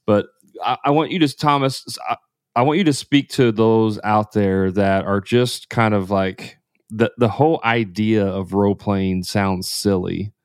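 A man co-hosting, explaining things in a relaxed way with easy fillers. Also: lowish voice, measured pace, clean tone, dry recording, clean studio sound. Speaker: co-host. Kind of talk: casual chat.

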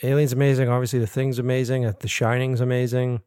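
American man, filmmaker, casual podcast chat, animated and profane, mid-pitched voice, dry close sound. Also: fast, clear, resonant tone, no echo. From United States. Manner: animated, swearing, laughs often. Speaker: filmmaker guest.

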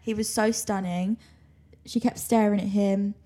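A woman's voice: mid-range voice, measured pace. A young English woman co-hosting a podcast, chatting casually and laughing often. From England. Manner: giggly, chatty, animated. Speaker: podcast co-host. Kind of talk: casual chat.

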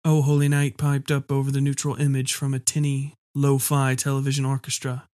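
A man narrating a first-person story in a measured, dark storytelling manner. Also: mid-range voice, completely flat delivery, no room sound, clean studio sound. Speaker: audiobook reader.

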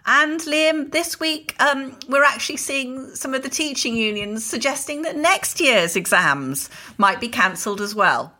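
A woman's voice: high voice, lively intonation, a little slow, few pauses, sharp tone. A woman, co-hosting a podcast and talking in an indignant, emphatic way. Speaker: podcast co-host. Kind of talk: opinionated casual chat.

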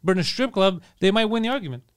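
A man's voice: high voice, expressive, very fast, clean tone. A man co-hosting a comedy podcast, riffing playful observational bits in casual chat. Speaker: podcast co-host.

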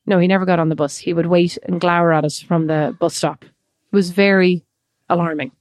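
An Irish woman in early adulthood, co-hosting a podcast and telling stories in a casual, animated way with many quoted asides. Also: lowish voice, a little fast, dry recording, clean studio sound. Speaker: podcast co-host. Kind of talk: casual chat, storytelling.

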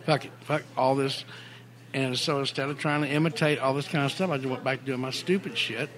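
A middle-aged man, a songwriter guest, telling career stories in a casual interview, animated, rambling and full of swearing. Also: medium pitch, fairly quick. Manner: animated, profane, rambling storyteller.

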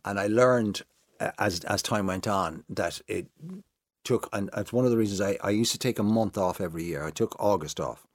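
A middle-aged man talking casually as a guest and telling animated stories about his old working hours. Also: normal speed, no room sound, clean studio sound. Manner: animated storyteller, jumps high to mimic others. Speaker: guest, former breakfast TV presenter. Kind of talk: casual chat.

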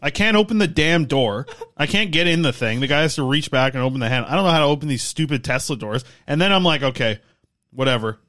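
A tired man co-hosting a casual sports podcast, rambling in animated hockey talk. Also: on the high side, fast, few pauses. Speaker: podcast co-host.

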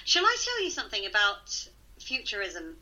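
A woman co-hosting a podcast in casual chat, giggly and quick to laugh at her own bad puns. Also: mid-range voice, huge pitch swings, pushed and bright, poor audio. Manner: giggly, self-mocking about her puns. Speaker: podcast co-host.

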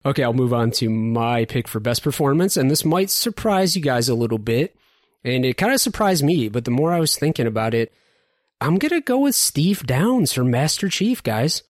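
Male podcast host, casual and enthusiastic, wide pitch swings, dry sound. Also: moderate pace, dry recording. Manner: animated, enthusiastic, hands off turns. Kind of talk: casual game awards chat.

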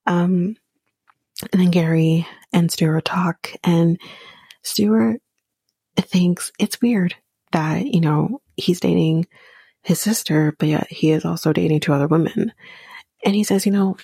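Whispering woman with a gravelly, husky voice. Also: medium pitch, no echo. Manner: soft, halting, with frequent ums and small laughs. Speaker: reality show recapper.

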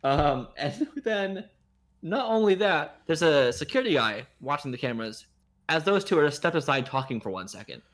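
Animated man riffing on a movie. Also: a little high, normal speed. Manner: animated, incredulous retelling with laughs. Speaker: podcast co-host. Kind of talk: casual chat reviewing a movie.

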